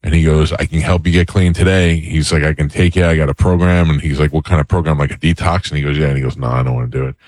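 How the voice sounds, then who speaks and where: A deep, low-pitched man hosts a radio talk show, talking fast and acting out quotes as he tells a story. His voice sits close to the mic with a dry studio sound. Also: fairly even intonation, darkish tone, dry recording. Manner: quick, storytelling with acted quotes.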